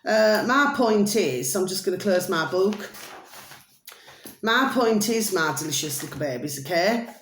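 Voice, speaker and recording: A woman's voice: medium pitch, expressive, measured pace, fairly bright tone, slight background noise. A British woman in her fifties, talking straight to her viewers in a passionate, rambling monologue and often checking whether they follow her. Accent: British English. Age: 50s. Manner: passionate, repeats pet names and asks "do you see". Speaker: video uploader. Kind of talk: casual ranting monologue to viewers. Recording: roomy echo.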